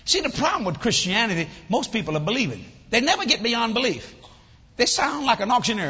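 Lively older male preacher in a hall. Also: high-pitched, brisk, slightly rough, highs cut off. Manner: animated storytelling, acts out voices, jokes with congregation. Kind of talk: sermon. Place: church hall with audience.

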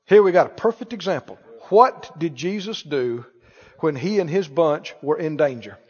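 A man's voice: on the high side, lively intonation, moderate pace, husky. Male preacher, playful and emphatic, in an echoey hall with a dull recording. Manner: rhetorical questions, playful and emphatic. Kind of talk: sermon.

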